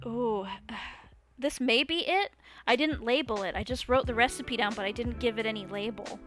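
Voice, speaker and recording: A woman streamer giving excitable let's play commentary, exclaiming often and laughing as she plays. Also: on the high side, normal speed. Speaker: gaming streamer. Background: loud game music.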